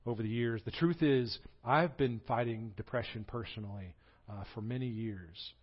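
A man's voice: medium pitch, normal speed, slightly rough, muffled recording. A man with a Southern American accent preaching a sermon as pastor, telling the story with animation and acting out the quoted voices.

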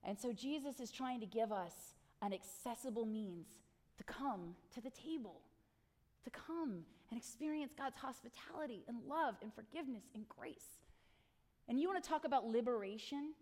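Middle-aged woman pastor, sermon, animated storytelling, somewhat high voice. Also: normal speed. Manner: animated storytelling, acts out people's lines.

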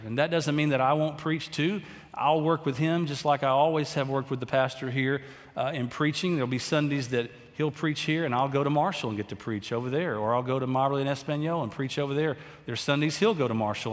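A man pastor speaking earnestly to his congregation, giving announcements and leading a prayer, with some halting fillers. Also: mid-range voice, in a large hall. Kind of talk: church announcements and closing prayer. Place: church sanctuary.

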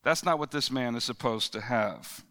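A man's voice: mid-range voice, normal speed, bright, forceful tone. A man preaching a conversational sermon, reading scripture and explaining it with casual fillers and restarts. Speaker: pastor.

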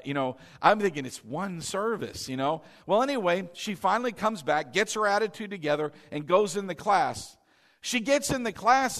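A male pastor preaching a sermon in an animated way, calling on the congregation to repeat phrases after him. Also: high-pitched.

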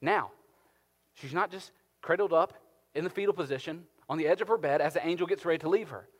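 A male pastor preaching a sermon, swinging between loud emphasis and hushed tones. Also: a little high, a little fast. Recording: long hall reverb.

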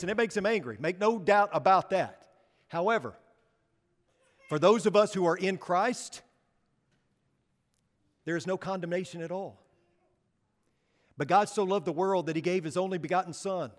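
A man with a high, ringing voice delivers a sermon from the pulpit. He speaks earnestly and then presses hard with urgent appeals. A long hall reverb trails his words. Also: moderate pace, pauses often. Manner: earnest, rising to emphatic exhortation. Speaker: pastor. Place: church sanctuary.

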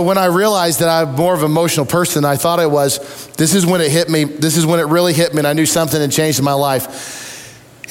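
A middle-aged man preaching a sermon as a pastor, telling animated, self-deprecating stories. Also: a little high, fairly quick, big-room sound.

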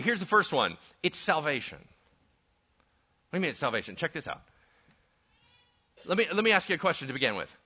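A man preaching a lively sermon, conversational and full of rhetorical questions. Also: high-pitched, slightly rough. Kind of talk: animated sermon with acted-out voices. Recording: dull lo-fi sound.

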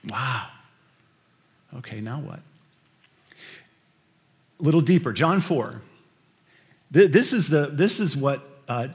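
A man preaching a sermon, shifting between hushed scripture reading and loud, emphatic storytelling. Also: on the high side. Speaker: pastor.

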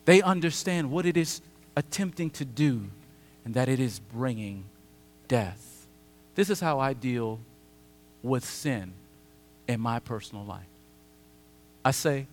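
A man pastor preaching a sermon, conversational and animated with dramatic pauses. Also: mid-range voice. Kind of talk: sermon with personal storytelling. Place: church sanctuary. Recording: long church hall reverb.

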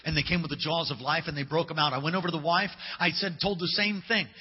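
A man's voice: a little high, fairly even intonation, fast talker, hardly any pauses, slightly rough. A male pastor preaching a sermon, telling stories emphatically and casually, acting out the dialogue. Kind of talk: sermon with storytelling. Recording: long reverb, dull lo-fi hall recording.

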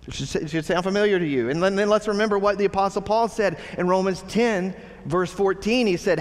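A man preaching a sermon, his voice pitched a little high for a man. He speaks earnestly, turning often to his congregation with rhetorical questions. The sound carries a long reverb from a large church hall. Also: a little fast. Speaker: pastor.

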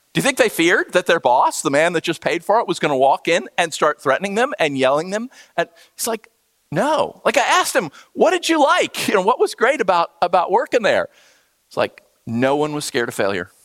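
With a fairly high voice, a pastor preaches and dramatizes his stories, playing the parts of the people in them. No echo is present.

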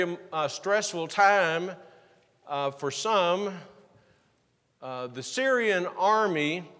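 A man's voice: high-pitched, lively intonation, extremely slow, long pauses, a bit bright, in a large hall. A man preaching a sermon, reading scripture and retelling it in a casual, folksy way. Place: church sanctuary.

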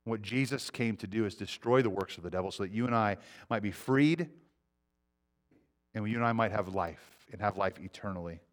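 A man's voice: fairly low pitch, normal speed. Earnest preaching man. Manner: earnest, swings between loud urgency and quiet intensity. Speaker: pastor. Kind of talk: sermon.

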